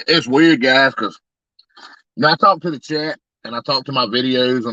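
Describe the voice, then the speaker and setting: Bright-voiced man chatting live. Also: medium pitch, moderate pace, no echo, dull audio. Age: 30s. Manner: chatty, laughing, talks straight to the chat. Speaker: truck tire shop owner and YouTuber. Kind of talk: casual live-stream chat.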